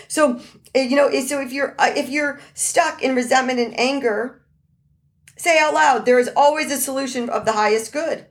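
A middle-aged woman speaking as a life coach in an earnest motivational talk, repeating key phrases for emphasis. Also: medium pitch.

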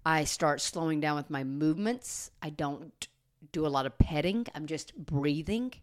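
A woman with a somewhat low voice talks through dog training on a podcast in a relaxed, unscripted way. She explains earnestly and steadily, at times slowing down and going soft to show how calm speech sounds. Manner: earnest, explanatory, slows and softens to demonstrate calm talk. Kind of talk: casual podcast chat.

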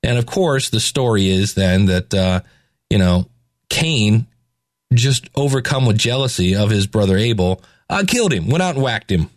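A man's voice: fairly low pitch, expressive, normal speed, dry recording, studio quality. A middle-aged man giving a casual Bible reflection, talking loosely with restarts and hesitations and retelling scripture in everyday speech. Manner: conversational, rambling with restarts and hesitations.

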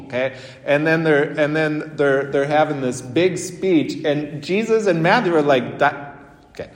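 A man, a Catholic priest, giving a casual, chatty homily with laughing asides. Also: fairly high pitch. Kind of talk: conversational homily. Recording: echoey church with long reverb.

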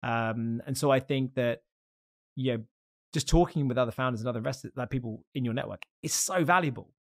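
A man's voice: medium pitch, fairly quick. A man hosting a podcast interview, talking casually and candidly, swearing freely and laughing often. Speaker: podcast host.

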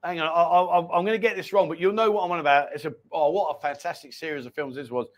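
A middle-aged man hosting a casual live chat show, talking in a rambling, animated storytelling way. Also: a little high, quick pace. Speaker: livestream host.

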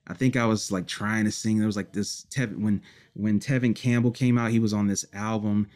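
A man with a fairly low voice talks through old memories at an easy, unhurried pace. He rambles, restarts and fills gaps with ums and "you know", laughing quietly between stories. He comes across as a musician recalling his past in a casual interview. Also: steady tone. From Detroit, United States. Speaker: musician guest.

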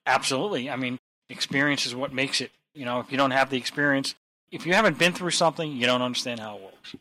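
Man, podcast co-host, bright tense voice, playful banter, dry studio sound. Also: medium pitch, fast, no room sound, low-quality recording. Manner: jokey, playful, exclamatory. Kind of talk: casual banter.

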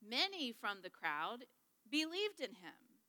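A woman's voice: on the high side, sing-song, slow pace, sharp tone, in a large hall. A woman teaching a Bible study lesson to a group in a chatty, joking way, checking in with her listeners. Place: large room with a group.

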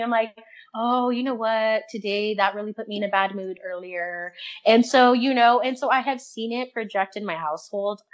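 Chatty young woman, lo-fi sound. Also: a little high. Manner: chatty, laughs often, acts out her own inner voice. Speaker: guest. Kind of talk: casual interview chat.

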